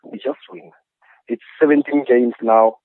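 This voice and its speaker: A football striker speaking confidently as a guest over the phone. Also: male voice, mid-range voice, animated, unhurried, vocal fry, dry recording. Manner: confident, plain-spoken. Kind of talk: phone interview. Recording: tinny dry phone line.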